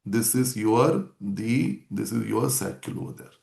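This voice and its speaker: Here a man teaching medicine drills key terms through repetition during a classroom lecture. He talks a little slowly in a lowish, gravelly, darkish voice, and the room echoes.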